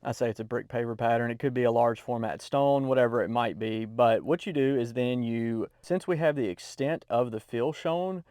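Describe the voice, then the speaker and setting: A man explaining a landscape drawing app step by step in a relaxed voice-over, with occasional fillers. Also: medium pitch, normal speed, few pauses, dry recording, clean studio sound. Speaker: drawing tutorial instructor. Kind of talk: screen-recorded drawing tutorial.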